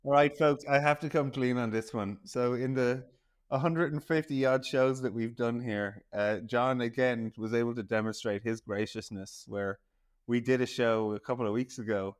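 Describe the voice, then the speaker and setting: A man's voice: mid-range voice, steady tone, moderate pace, smooth. A man hosting a podcast, speaking to listeners in a chatty, self-deprecating way. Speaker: podcast host. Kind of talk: casual podcast chat.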